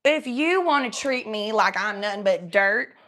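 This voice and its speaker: A young woman from Cincinnati, talking in a put-on Southern drawl during a casual livestream chat, crude and rambling, high and coughing now and then. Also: expressive, moderate pace, bright, forceful tone. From Cincinnati, Ohio.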